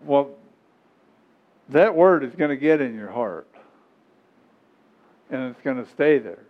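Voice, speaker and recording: A man's voice: mid-range voice, lively intonation, slow. A man preaching a sermon in a folksy, repetitive style, chuckling now and then. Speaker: pastor. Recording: tinny phone-like recording.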